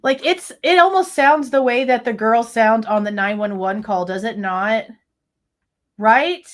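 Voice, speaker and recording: A woman's voice: fairly high pitch, measured pace. A young woman reacting live to true crime footage on a stream, casual and swearing often while she talks to her chat.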